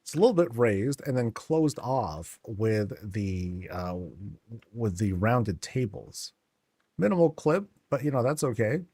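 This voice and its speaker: A man's voice: mid-range voice, big pitch swings, a little slow, warm tone, slightly rough, no echo, studio quality. A man streaming a game, chatting casually and rambling with many fillers as he tours homes.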